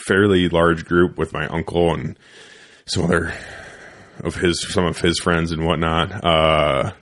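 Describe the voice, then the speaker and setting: Podcast host, young man, deep low voice, loose profane storyteller, studio chat. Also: level tone, measured pace, a bit bright.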